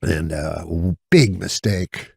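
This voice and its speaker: Deep, gravelly deadpan storyteller man. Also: takes it slowly, no room sound, studio quality. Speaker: guest comedian. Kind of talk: casual anecdote in an interview.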